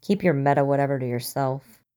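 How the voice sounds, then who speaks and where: A woman's voice: a bass voice, fairly quick, dark tone, clear, resonant tone. A woman voicing a shaky, hungover male agent with dry humor, in a storybook reading. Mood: wry. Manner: wry.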